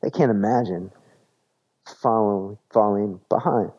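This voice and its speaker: A man preaching a sermon in a relaxed, conversational way, often repeating words as he searches for the phrase. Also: fairly low pitch, unhurried, lo-fi sound. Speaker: pastor.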